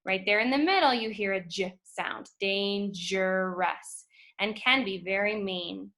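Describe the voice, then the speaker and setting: A woman teaching a phonics lesson to first graders, speaking slowly and clearly and stretching out letter sounds. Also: mid-range voice, fairly bright tone. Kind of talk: phonics lesson for young children.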